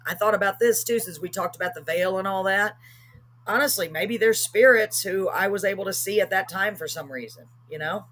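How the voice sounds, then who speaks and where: A woman's voice: mid-range voice, brisk, fairly bright tone. A middle-aged woman, telling a story on a live talk show with emphatic, acted-out quotes. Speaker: host.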